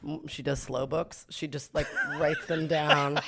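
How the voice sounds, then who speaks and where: A middle-aged woman with a low voice tells stories in a casual interview. She is a boutique owner and podcast guest. She talks in a chatty, self-mocking way, with frequent laughter. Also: fairly even intonation, a little slow, gravelly, fairly bright tone.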